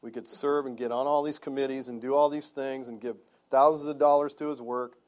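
A man's voice: medium pitch, steady tone, brisk, darkish tone. A male pastor preaching in church, earnest and conversational, asking the congregation questions as he goes. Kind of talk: sermon.

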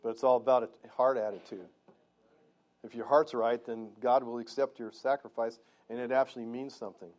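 A man's voice: mid-range voice, flat delivery, a little fast, a little mellow, highs cut off. Man preaching an earnest sermon. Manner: earnest, conversational preaching with rhetorical questions. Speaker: pastor. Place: church.

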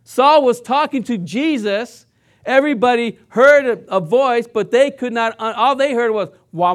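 A man preaches a sermon with a noticeably high voice. He talks to the congregation in a loose, conversational way and asks them questions. He also mimics sounds and voices to drive his points home. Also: a little slow. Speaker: pastor.

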